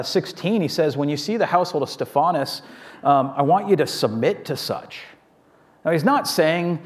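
A man's voice: on the high side, a little mellow. A man preaching a conversational sermon as a pastor, casual and chatty with many asides.

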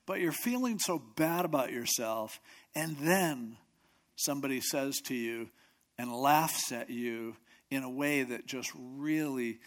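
A man preaching a sermon in a conversational, expressive way, often acting out what people say. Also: a little high. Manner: conversational, expressive, acts out quotes.

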